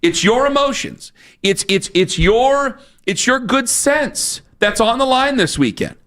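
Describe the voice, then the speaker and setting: A man's voice: very high-pitched, sing-song, unhurried, fairly bright tone. A man hosting sports talk radio, ranting in a fired-up, repetitive, challenging way on a studio microphone.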